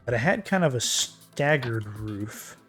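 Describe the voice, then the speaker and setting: A man streaming a building game, thinking aloud in a relaxed, muttering way as he works. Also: mid-range voice, measured pace, soft background music. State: hiccuping. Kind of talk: casual game commentary while building.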